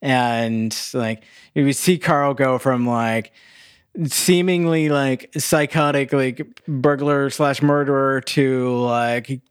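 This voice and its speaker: A man with an ordinary middle-pitched voice talks through a movie's plot on a podcast. He stops and restarts often and leans on filler words. The sound is dry and close, with no room sound. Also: fairly even intonation, smooth, no echo. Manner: halting, many fillers and restarts while recapping. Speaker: podcast co-host. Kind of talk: casual movie review chat.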